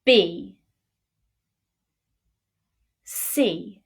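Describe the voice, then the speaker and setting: Patient British woman teaching, slow-paced. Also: on the low side, slightly rough. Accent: British English. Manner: slow, patient explaining with a lively, expressive voice. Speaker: sign language teacher. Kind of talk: informal teaching video.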